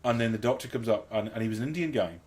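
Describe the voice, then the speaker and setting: A man's voice: mid-range voice, rapid-fire, a little mellow. A man telling stories in a casual chat, laughing often and restarting his sentences. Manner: storytelling, laughs often, self-interrupting. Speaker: guest.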